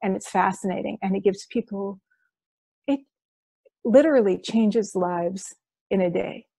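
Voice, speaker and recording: A woman practitioner describes her hypnosis sessions in an eager, flowing interview manner. Her voice is warm and mellow, recorded close and dry with no room sound. She tends to list things off in quick succession. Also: medium pitch, vocal fry, husky, no room sound. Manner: enthusiastic, explanatory, lists things in quick runs. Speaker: quantum healing hypnosis practitioner. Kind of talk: conversational interview.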